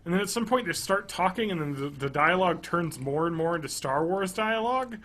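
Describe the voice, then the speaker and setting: Man, 30s, podcast co-host, bright voice, eager rambling, fairly high pitch. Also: lively intonation, fairly quick. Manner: enthusiastic, rambling, swings between loud bursts and mumbles. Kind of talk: casual chat.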